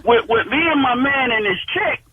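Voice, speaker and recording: A man's voice: very high-pitched, expressive, moderate pace, narrow, tinny audio, background noise. A man on a radio show telling a crude joking story.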